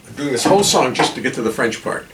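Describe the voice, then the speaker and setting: A man, a singer and bassist, chatting wryly and rambling between songs in his home studio. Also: animated, fast. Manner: rambling, wry, self-deprecating asides. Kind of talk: live-streamed studio chat and song. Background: his own bass and guitar playing.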